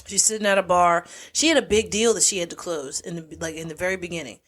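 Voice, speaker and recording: A woman's voice: fairly low pitch, fast. A woman co-hosting a podcast, chatting casually as she retells a movie's plot and acts out the characters' lines. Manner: animated storyteller, acts out quoted lines. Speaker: podcast co-host. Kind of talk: casual chat recapping a movie.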